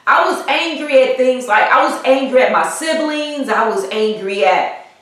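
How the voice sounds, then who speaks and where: A woman vlogger telling a personal story in a halting way, repeating herself as she talks through grief and pushes on, over a weak microphone. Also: high-pitched, lively intonation, a bit bright, far from the mic. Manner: halting, repeats herself, grieving but pushing on. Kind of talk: personal vlog, emotional storytelling. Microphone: weak built-in microphone. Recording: echoey room, voice off-mic.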